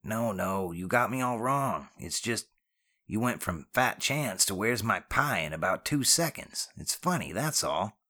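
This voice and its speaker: A man's voice: fairly low pitch, lively intonation, unhurried, sharp tone, pitched above the performer's own voice, full character voice. A man voicing LaRue, a jittery joking crook. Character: wisecracking young male criminal sidekick.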